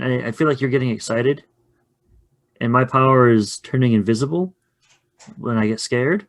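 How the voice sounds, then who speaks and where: A man casually running a two-player tabletop game, chatty and quick to laugh. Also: mid-range voice. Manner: chatty, laughs often, loose. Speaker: game facilitator. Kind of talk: casual actual-play chat.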